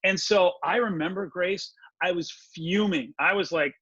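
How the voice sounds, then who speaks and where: A high-voiced man with a bright, husky tone tells a story on a podcast interview. He talks animatedly and acts out what he said back then. The recording is dry and a bit dull. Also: moderate pace, no echo. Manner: animated, acts out his own past lines. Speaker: guest.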